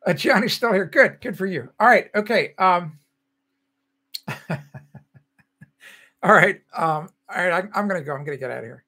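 A man's voice: high voice, animated, moderate pace, pauses often, pushed and bright. An older man hosting a casual livestream, chatting loosely and reading out viewer comments as he greets people by name. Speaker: livestream host.

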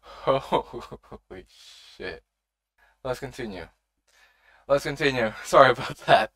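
A reaction video host giving casual, expressive and profane commentary straight to the viewers. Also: medium pitch, slow, vocal fry.

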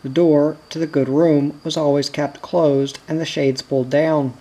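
A reader calmly reading a children's novel aloud in measured storytelling. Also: medium pitch, rough recording. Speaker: audiobook reader.

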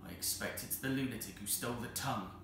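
A man's voice: medium pitch, quick pace, vocal fry, fairly bright tone. A man voicing a fussy, alarmed old country vicar in a storybook reading. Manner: fussy, exclamatory. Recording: roomy hall with faint noise.

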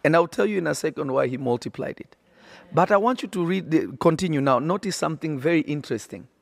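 A man's voice: on the high side, lively intonation, quick pace, gravelly. A man preaching on a podcast, emphatic and repetitive, often checking that listeners follow. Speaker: prophet and podcast host.

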